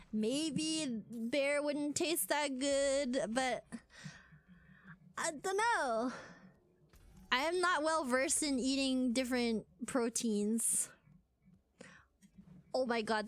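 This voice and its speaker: A woman's voice: high-pitched, fairly bright tone. A young woman streamer chatting casually to her viewers, giggling often and leaning on fillers like "like" and "um".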